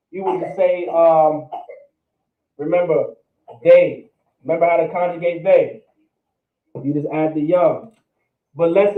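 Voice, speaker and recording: High-voiced man teaching in a roomy hall. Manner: repetitive, checks in with "all right?". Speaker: language teacher. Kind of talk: classroom language lesson. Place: classroom or meeting room. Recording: roomy, distant, phone-like sound.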